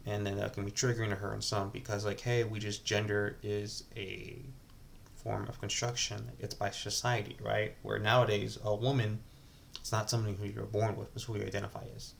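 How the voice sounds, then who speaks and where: A low-voiced man with a gravelly, creaky edge talks straight to his camera at home, rambling and restarting his sentences as he confides. A faint hiss of room noise sits under his voice. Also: level tone, a little fast. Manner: rambling, hesitant, many restarts and "like". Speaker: vlogger. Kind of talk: casual confessional monologue to camera.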